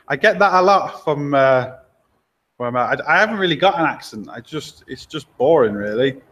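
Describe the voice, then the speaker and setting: A man's voice: a little high, lively intonation, normal speed, fairly bright tone. A man, a garage owner chatting casually on a live stream, answering viewer questions with easygoing, blunt opinions and frequent laughs. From Lincoln, England.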